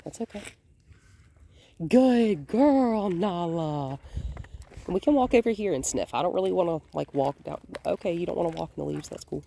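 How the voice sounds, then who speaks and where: A woman dog trainer filming a walk outdoors on a hand-held phone, calmly explaining and softly praising the dog. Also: on the low side, brisk, creaky, a little hiss or hum. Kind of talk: hands-on training demonstration. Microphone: phone held in one hand.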